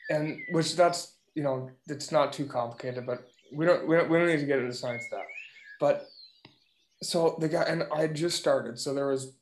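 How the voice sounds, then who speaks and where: A man who drives a delivery truck, telling a work story in animated casual chat. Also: fairly high pitch, normal speed. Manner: animated, vivid retelling. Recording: roomy echo with faint noise.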